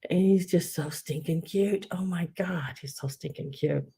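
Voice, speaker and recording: A woman's voice: fairly low pitch, measured pace, creaky, warm tone, husky. A middle-aged woman hosting a live online sale, gushing over collectible figurines and reading out bids in a chatty way. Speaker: live online auction seller. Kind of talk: live-stream sale chat.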